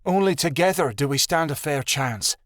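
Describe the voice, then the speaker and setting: An earnest young she-wolf heroine, as a male narrator puts her on, pitched well above his own voice. She speaks with steady determination. The recording is dry and close. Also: moderate pace, no room sound, close to an everyday voice. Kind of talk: audiobook character voice.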